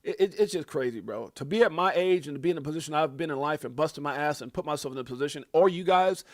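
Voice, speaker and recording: Fired-up, high-voiced crypto host ranting. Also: male voice, animated, quick pace, no room sound, clean studio sound. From United States. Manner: heated, venting, swears often. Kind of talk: casual ranting livestream talk.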